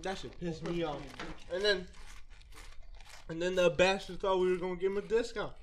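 A man's voice: high voice, fairly even intonation, moderate pace, slight background noise. A man co-hosting a podcast, telling a profane story with laughter and quoted voices. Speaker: podcast co-host. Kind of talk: crude casual banter.

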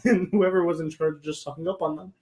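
A man's voice: fairly high pitch, fairly even intonation, a little fast, darkish tone. A young man from Georgia co-hosting a casual podcast chat, teasing and laughing often. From Georgia, US South. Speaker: podcast co-host.

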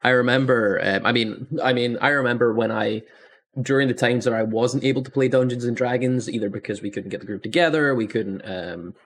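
Husky-voiced man, rambling chat. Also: mid-range voice, brisk. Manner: rambling, enthusiastic, many restarts and fillers. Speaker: podcast host, dungeon master. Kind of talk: casual chat.

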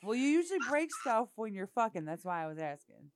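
A woman's voice: a little high, big pitch swings, fast, dry recording. A frank, crude woman teases her friends in casual chat. Her voice rises and falls a lot. The recording is dry.

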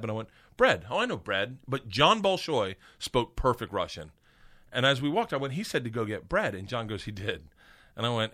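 Animated storytelling man, bright voice. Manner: animated, profane, acts out characters with big pitch jumps. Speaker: comedian guest. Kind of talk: storytelling in casual chat.

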